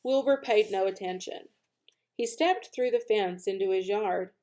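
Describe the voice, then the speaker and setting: A woman reading a children's novel aloud, with expressive, animated narration as the channel's regular reader. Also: medium pitch, unhurried. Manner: expressive, animated narration, speeds up at lively moments. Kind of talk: storybook read-aloud.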